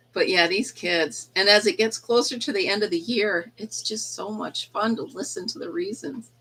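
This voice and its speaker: A woman's voice: mid-range voice, a little slow, fairly bright tone, husky, low-quality recording. A woman chatting casually on a phone livestream from an indoor yarn room, laughing often and cooing at baby chicks, with an anecdote about school absences. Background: chicks cheeping.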